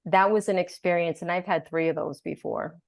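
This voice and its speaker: A woman speaks as a guest in an interview, somewhat low-pitched for a woman. She tells her story with energy and acts out the voices of the people in it. The sound is dry and close. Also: brisk, creaky, dry recording. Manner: animated storyteller, acts out quotes. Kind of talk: conversational interview.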